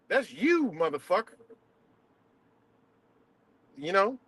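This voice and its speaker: A man with a slightly high voice delivers a profane, confrontational rant on a live stream. He circles back to the same points over and over, cursing as he builds his case. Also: sing-song, a little slow, a bit bright, dry recording.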